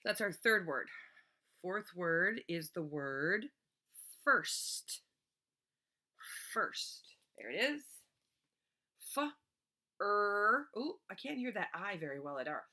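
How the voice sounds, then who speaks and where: A woman teacher giving a remote reading lesson to young children, patiently sounding words out slowly letter by letter. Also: fairly low pitch, bright, forceful tone.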